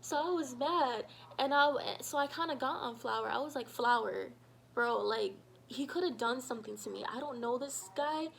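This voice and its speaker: A woman telling a personal story in a casual vlog, animated and full of fillers, acting out what people said. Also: sits high, normal speed, creaky, slight background noise, poor audio. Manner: animated, shouts quoted lines, many fillers. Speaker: storytime vlogger.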